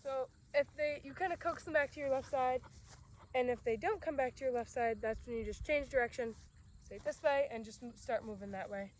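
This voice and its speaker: Woman, dog trainer, relaxed explaining, outdoor recording, crickets in the background. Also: sits high, brisk, slight background noise. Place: outdoors in a grassy yard.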